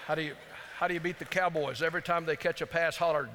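A man preaching a storytelling sermon in a folksy, conversational way, dropping to hushed tones for emphasis. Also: fairly high pitch, fairly even intonation, fast, slight background noise. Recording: long hall reverb.

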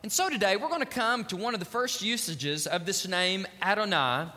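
Fervent high-voiced male preacher. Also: expressive, moderate pace, pushed and bright, in a large hall. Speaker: pastor. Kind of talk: sermon.

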